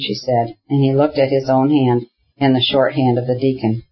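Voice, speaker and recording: A man reading a classic novel aloud as an audiobook narrator, in a steady, measured way. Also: medium pitch, slightly rough, dull audio.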